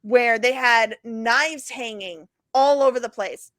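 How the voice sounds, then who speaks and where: A woman, a podcast guest, telling stories in a casual, animated way, swearing freely and laughing between lines. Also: a little high, slow pace, no room sound. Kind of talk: casual storytelling.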